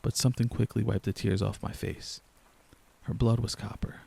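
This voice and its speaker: A young man reading a first-person horror story aloud in a low-key, steady storyteller's way. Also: normal speed, vocal fry, breathy edge. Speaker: narrator. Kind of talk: scripted horror narration.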